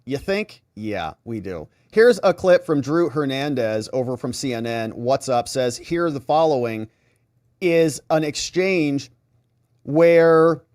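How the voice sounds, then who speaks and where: Animated sarcastic male commentary host. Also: mid-range voice, slow pace, dry recording, studio quality. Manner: animated, sarcastic, mimics reactions. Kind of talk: casual commentary.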